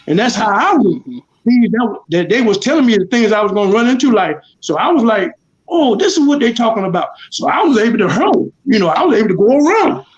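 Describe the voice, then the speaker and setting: A man's voice: sits high, very animated, a little fast. A man in a casual chat, talking earnestly and repeating his points for emphasis. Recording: dull lo-fi sound.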